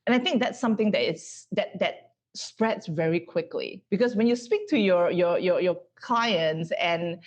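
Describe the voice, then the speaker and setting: A woman's voice: lowish voice, expressive, measured pace, few pauses. A woman hosting a conversational interview, speaking encouragingly and laughing often. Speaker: host.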